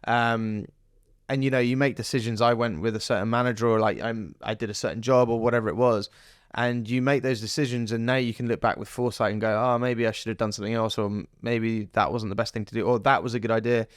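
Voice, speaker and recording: A man's voice: medium pitch, steady tone, fast talker, smooth, no room sound, clean studio sound. A man, an actor chatting as a podcast guest, telling rambling stories. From southern England. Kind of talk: casual interview chat.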